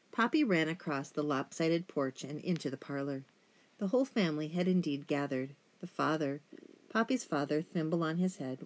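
A woman reads a children's novel aloud as an audiobook narrator. Her delivery is measured and expressive, and her voice sits a little low for a woman. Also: rough recording. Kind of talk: storybook narration.

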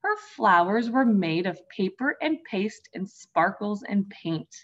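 A woman teacher reading a picture book aloud to young children, gently addressing them as friends. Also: medium pitch, lively intonation, takes it slowly, dull audio. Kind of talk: storybook read-aloud for children.

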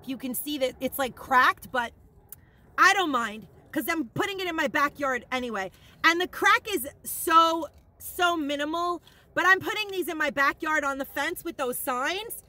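A woman in a casual shopping haul vlog, gushing and rambling with excitement, emotional and near tears at times. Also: high-pitched, moderate pace. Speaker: haul vlogger.

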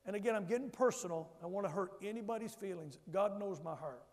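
Preaching at a quick pace, a high-voiced pastor delivers an emphatic sermon, trading call-and-response with his congregation. The church sanctuary gives the recording a long, reverberant hall sound.

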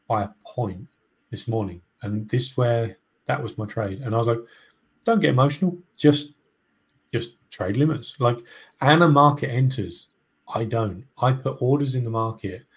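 Husky man explaining trades casually. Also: medium pitch, normal speed. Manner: relaxed, explains with restarts and fillers. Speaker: co-host trader. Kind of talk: casual trading chat.

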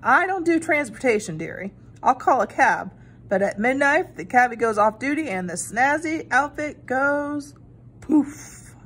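A woman's voice: high voice, animated, measured pace, a bit bright, husky, voice pushed up, exaggerated voice. A woman voicing a sassy, wisecracking female fairy goose in a storybook reading, with a brash, offhand, slangy manner.

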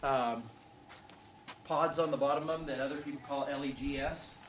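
A man's voice: medium pitch, fairly even intonation, moderate pace, a bit bright, far from the mic, a little hiss or hum. A man hosting a casual live sales walkthrough in a furniture warehouse, chatty and listing prices. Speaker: store host showing furniture.

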